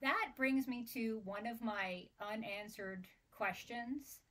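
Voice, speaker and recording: A woman's voice: fairly high pitch, slow, fairly bright tone. A woman co-hosting a book podcast, chatting casually and reacting expressively, with frequent exclamations and laughter. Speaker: podcast co-host.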